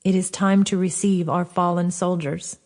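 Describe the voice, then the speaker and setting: Woman reader as Jesus figure: gentle, reassuring storybook voice. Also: lowish voice, little pitch movement, normal speed, long reverb tail, lightly acted. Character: kind, knowing male Jesus figure.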